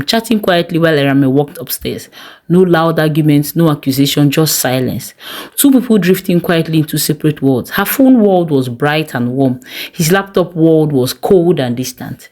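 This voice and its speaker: A woman narrating a scripted story in a measured, gently expressive way. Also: deep voice. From Nigeria.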